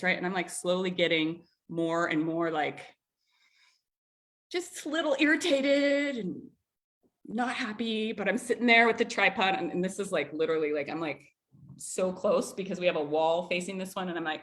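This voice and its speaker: A woman in her thirties hosting a community group, telling a family story in a chatty, animated way, with frequent laughs and filler words. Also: lowish voice, fairly quick. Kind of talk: casual storytelling in an online group talk.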